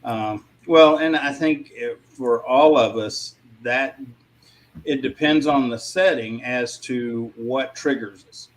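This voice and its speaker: A man in a casual panel discussion, speaking in a reflective way with frequent pauses. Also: medium pitch, poor audio.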